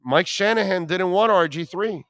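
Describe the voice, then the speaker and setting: A man in his fifties hosts sports talk radio with a slightly high voice. He tells stories in a brash, profane, joking way. The studio sound is dry and close. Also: moderate pace, fairly bright tone, no room sound.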